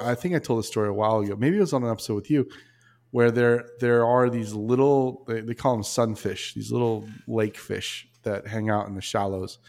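A man's voice: medium pitch, darkish tone. A man hosting a casual chat, joking and teasing, often restarting his sentences. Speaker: podcast host.

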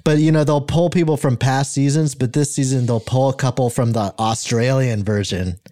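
A man's voice: mid-range voice, fairly even intonation, normal speed, mellow, dry recording, clean studio sound, faint music behind. A man co-hosting a comedy podcast, chatty and amused, rambling through a story. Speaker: podcast co-host. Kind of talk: casual comedy chat.

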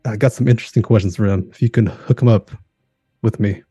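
A man's voice: lowish voice, steady tone, quick pace, mellow, breathy edge, no room sound, faint music behind. A man taking part in a tabletop game in character, speaking tersely and matter-of-factly. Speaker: player.

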